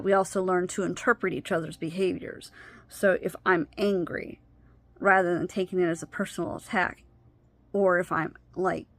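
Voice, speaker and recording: Woman vlogger, lowish voice, candid talk to camera, pauses and restarts as she loses her thread. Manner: halting, loses her train of thought. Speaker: vlogger sharing personal experience.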